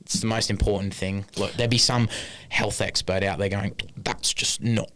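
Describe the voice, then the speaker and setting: A man's voice: lowish voice, fairly even intonation, normal speed, fairly bright tone. A man co-hosting a podcast, chatting casually and rambling through numbers, swearing now and then. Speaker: podcast co-host. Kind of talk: casual chat.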